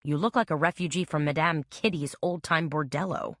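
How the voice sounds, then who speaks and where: A woman voicing a calm, wry woman who runs a scrapbook shop, in a mystery audiobook. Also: low voice, fairly quick, dry recording, studio quality. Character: level-headed woman scrapbook shop owner.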